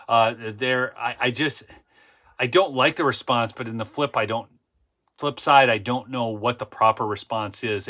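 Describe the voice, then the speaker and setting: A man's voice: medium pitch, sharp tone. A man hosting a casual political livestream, ranting emphatically, repeating points and tossing in "okay?" asides. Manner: frequent "okay?" asides and self-interruptions.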